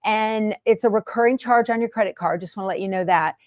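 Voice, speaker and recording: A woman's voice: medium pitch, quick pace, no echo, studio quality. A woman hosting her sewing channel in a chatty, homey way from her sewing room. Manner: chatty and homey, many fillers. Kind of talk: casual chat to camera.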